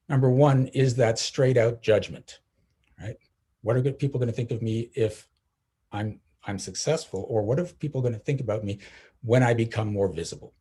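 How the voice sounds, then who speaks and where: A man leading a motivational workshop, telling stories with animated energy, acting out the voices he quotes and laughing often. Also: medium pitch, breathy edge. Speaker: coach.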